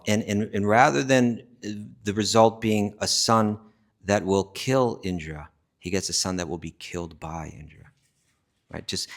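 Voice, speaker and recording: A man's voice: fairly low pitch, creaky, fairly bright tone. A man telling a scripture story to a class in a conversational way, often checking in with "right?" and restarting phrases as he builds his point. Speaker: spiritual teacher.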